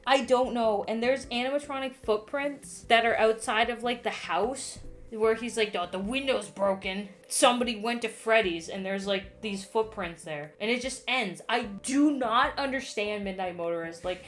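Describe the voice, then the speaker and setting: A woman's voice: fairly high pitch, normal speed, faint music behind. A drunk young woman casually explaining game lore, rambling, swearing and stammering in exasperation.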